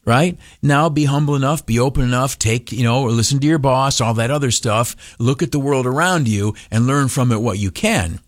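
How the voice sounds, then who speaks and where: A male radio broadcaster giving an animated motivational talk, often stopping on filler uhs and breaking into mocking high voices. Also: moderate pace, hardly any pauses, no echo, clean studio sound.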